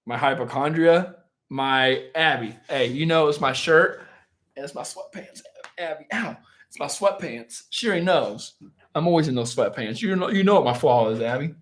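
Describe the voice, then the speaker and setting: A man's voice: fairly high pitch, animated, moderate pace. A man hosting a live stream, chatting casually and answering viewer questions in a joking, self-mocking, rambling way, often laughing.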